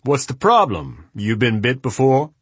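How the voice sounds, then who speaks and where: A man voicing a short, gruff middle-aged homeowner who speaks bluntly and with command, in an audiobook. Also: mid-range voice, big pitch swings, unhurried, dry recording, pitched above the performer's own voice. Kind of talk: audiobook character voice.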